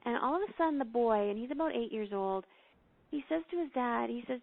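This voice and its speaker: A woman's voice: a little high, animated, fairly quick, creaky. Woman guiding a meditation over a phone line. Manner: earnest, gently instructive. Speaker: guest. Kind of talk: storytelling and guided meditation.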